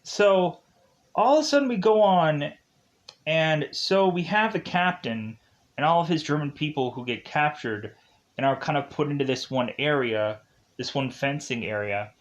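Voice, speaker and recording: A man's voice: a little high, lively intonation, moderate pace, highs cut off. A man reviewing a film, retelling the plot in a rambling, casual way with many fillers.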